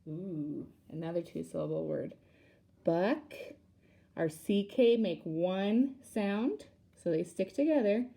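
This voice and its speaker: A woman's voice: on the low side, expressive, unhurried, gravelly, warm tone. A woman teacher leading a reading lesson for young children, sounding out words syllable by syllable.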